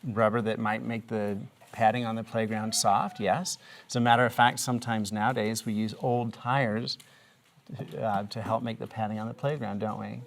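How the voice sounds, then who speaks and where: A woman with an unusually deep, gravelly voice leads a classroom reading lesson for small children. She speaks patiently and asks one question after another. She slows right down to chant the spelling patterns. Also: fairly even intonation. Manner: patient, asks many questions, draws out phonics patterns slowly. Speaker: kindergarten teacher.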